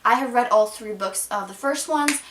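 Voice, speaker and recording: A woman's voice: on the high side, normal speed, fairly bright tone, slight background noise. Young woman rambling about her book pile, lotsa "like"s, kinda far off in a roomy space. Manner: chatty, frequent "like" fillers. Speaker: book vlogger. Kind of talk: casual book haul chat. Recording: echoey room from far off.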